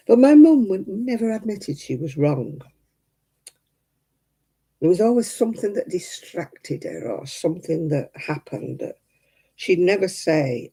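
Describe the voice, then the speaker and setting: A woman's voice: fairly low pitch, big pitch swings, measured pace, pauses often, dark tone, slightly rough. A middle-aged woman chatting at home while she crochets, poking fun at herself and laughing often. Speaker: crafting vlogger. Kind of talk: casual chat while crocheting.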